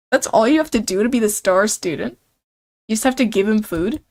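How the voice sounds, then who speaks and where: A woman's voice: mid-range voice, expressive, fairly quick. A young woman streaming a game, chatting playfully with her viewers and reading the on-screen text aloud. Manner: playful, chatty, reacts and jokes with chat.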